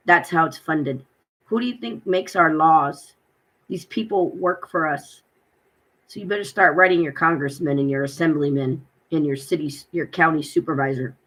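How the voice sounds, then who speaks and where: A woman's voice: sits low, fairly bright tone. A woman vlogging casually, animatedly retelling phone calls and acting out both sides. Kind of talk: casual personal vlog.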